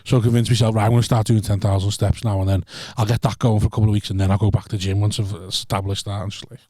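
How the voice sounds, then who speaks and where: A man's voice: fairly low pitch, flat delivery, very fast, dark tone, no echo, studio quality. A man, co-hosting a podcast in casual, jokey banter. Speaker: podcast co-host. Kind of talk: casual chat.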